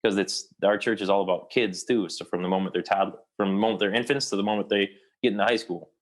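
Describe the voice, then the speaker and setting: Young actor, deep voice, loose rambling delivery, interview guest. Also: male voice, fairly even intonation. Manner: rambling, with many restarts and pauses. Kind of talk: casual storytelling interview.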